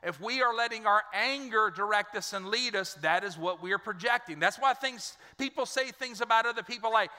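High, bright-voiced male pastor in reverb. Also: fairly quick, hardly any pauses. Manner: folksy, joking storyteller. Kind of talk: sermon. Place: church auditorium. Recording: long church reverb.

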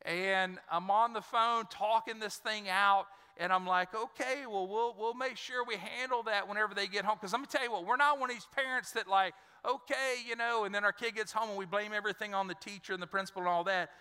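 A man's voice: sits high, fairly even intonation, a little fast, hardly any pauses, bright, forceful tone, smooth. A middle-aged male pastor, preaching a sermon and acting out the voices in his stories. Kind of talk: sermon with personal storytelling. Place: large church hall. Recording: reverberant church sanctuary.

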